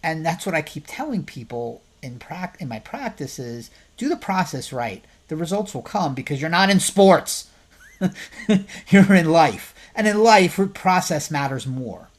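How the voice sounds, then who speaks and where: On his podcast, this therapist talks through his views in a conversational way, posing rhetorical questions and getting louder and more forceful when driving a point home. His voice is a little high, expressive, and unhurried.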